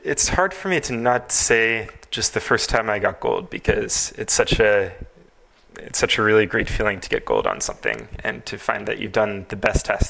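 A man's voice: lowish voice, creaky, pushed and bright, a little hiss or hum. A man as a podcast guest, talking in a thoughtful, hedging way with many fillers. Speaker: podcast guest, TAS creator. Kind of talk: casual podcast interview.

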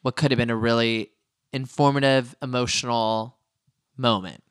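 A man's voice: mid-range voice, steady tone, moderate pace, smooth, dry recording, studio quality. A man co-hosting a casual chat, telling the story with lots of acted-out quotes. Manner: chatty, storytelling with quoted voices. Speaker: podcast co-host. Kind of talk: casual chat recapping a reality show.

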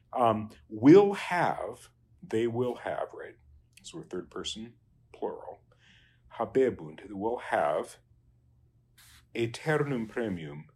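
A man working through Latin translation exercises as a teacher, halting and trailing off quietly. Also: on the low side, slightly rough. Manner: halting, many fillers and restarts, trails off quietly.

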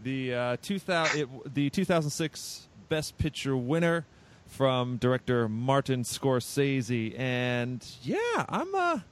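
A man from Massachusetts hosts a casual film podcast. His pitch swings widely and expressively, and he rambles, restarts his sentences and pokes fun at himself. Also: big pitch swings, takes it slowly, slight background noise. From Massachusetts, USA. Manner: rambling, self-deprecating, many restarts. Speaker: podcast host.

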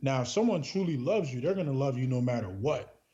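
A man's voice: medium pitch, lively intonation, brisk, mellow. A man from New Jersey, a podcast guest, telling a personal story in a casual, earnest way, full of filler words. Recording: dull lo-fi recording.

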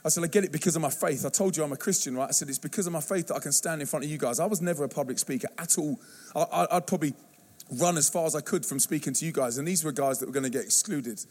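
A man preaching a youth-focused sermon in a church, telling stories and acting out voices with animated energy. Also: fairly high pitch, racing. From England. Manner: animated storytelling, acts out youth slang and voices. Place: church hall.

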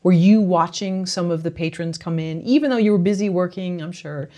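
A woman's voice: on the low side, a little fast, mellow, lo-fi sound. A woman interviewer asking open, prompting questions that trail off into her guest's answers.

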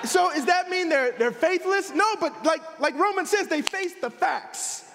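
A male pastor preaching a sermon in a conversational, animated way, full of rhetorical questions. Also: very high voice, a little slow, long reverb tail, background noise. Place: church sanctuary.

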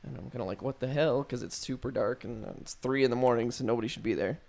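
A man's voice: mid-range voice, quick pace, vocal fry, darkish tone. A young man telling a spooky story to friends in a loose, profane, casual way, full of fillers. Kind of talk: casual chat.

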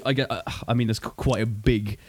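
A man's voice: fairly low pitch, steady tone, a little fast, a little mellow, dry recording. A man co-hosting a podcast, chatting casually and asking long, rambling questions with the odd swear word. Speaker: podcast co-host.

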